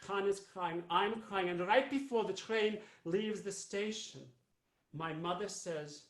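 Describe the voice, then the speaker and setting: A man's voice: sits high, slow pace. A man playing an elderly Jewish immigrant grandmother, a fussy, rambling storyteller who keeps repeating herself. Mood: tearful recalling. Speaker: cantor. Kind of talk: live character monologue. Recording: roomy echo.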